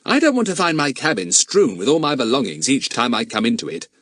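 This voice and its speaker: A man's voice: medium pitch, wildly swooping pitch, a little fast, fairly bright tone, dry recording. A man voicing a firm, sensible teenage boy in a storybook. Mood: stern. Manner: firm, stern. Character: sensible boy with a monkey, young teen.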